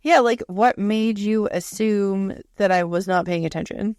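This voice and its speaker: A woman's voice: mid-range voice, a little slow, darkish tone, clean tone, no echo, studio quality. Blunt, swearing young woman podcaster. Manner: blunt and profane, acting out coworkers' lines. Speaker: podcast co-host. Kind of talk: casual chat.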